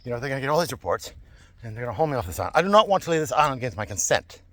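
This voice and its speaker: A man's voice: medium pitch, very animated, rapid-fire, a bit bright, no echo. A man talking to camera in a rambling, digressive monologue, repeating himself and laughing often. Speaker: vlogger.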